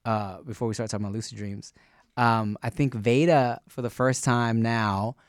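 A man's voice: medium pitch, fairly even intonation, moderate pace, clean tone, no room sound, clean studio sound. A man co-hosting a podcast in casual chat, laid-back and slangy with lots of fillers. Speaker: podcast co-host.

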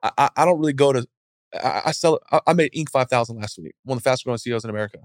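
A man giving a casual motivational talk as a guest speaker, acting out scenes in an animated, storytelling way. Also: mid-range voice, rapid-fire, no echo, studio quality.

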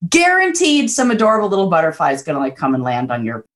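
A woman's voice: fairly low pitch, huge pitch swings, fast. A young adult woman chatting as a guest, bubbly and effusive, with lots of fillers. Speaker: podcast guest. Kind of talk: casual chat.

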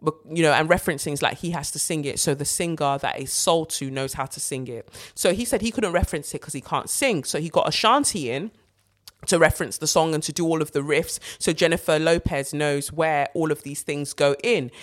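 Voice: medium pitch, brisk. A host giving blunt, sarcastic, profane celebrity gossip commentary in a ranting style.

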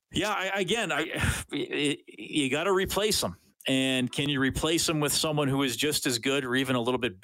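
A man hosting sports talk radio, chatty and loose, often restarting his thoughts mid-sentence. His voice sits at an ordinary middle pitch. The studio sound is close and dry, with no room echo. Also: fairly bright tone, clear, resonant tone. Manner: chatty, thinks aloud with restarts. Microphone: studio microphone.

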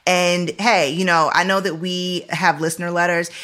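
A woman's voice: lowish voice, fairly even intonation, normal speed, fairly bright tone. A woman in her forties hosting a podcast in casual chat, talking loosely with lots of "like" and "you know". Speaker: podcast host.

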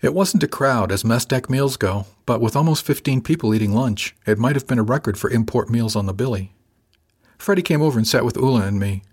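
A man calmly narrating a first-person audiobook in an even storytelling manner. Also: mid-range voice, fairly quick, slightly rough.

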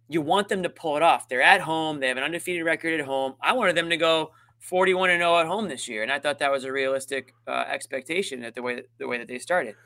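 Co-hosting a postgame sports show, a man vents his frustration about the game, talking emphatically in this analysis chat. His voice runs a little high, sounding pushed and bright.

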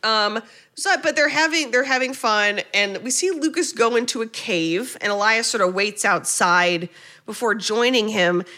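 Bright, playful woman. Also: on the high side, moderate pace. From United States. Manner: playful, rambling, jokey asides. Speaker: podcast co-host. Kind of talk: casual comedic movie recap.

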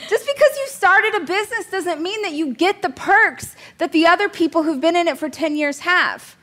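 A woman's voice: extremely high pitch, animated, moderate pace, fairly bright tone. A woman in her thirties teaching a business coaching class in a chatty, joking way, laughing at herself now and then. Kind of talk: casual coaching class talk.

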